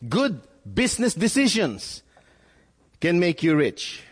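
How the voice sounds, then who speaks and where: A man's voice: sits high, wildly swooping pitch, slow, slightly rough. A male pastor preaching a sermon, putting questions to his listeners and repeating words as he builds his point. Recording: echoey hall with long reverb.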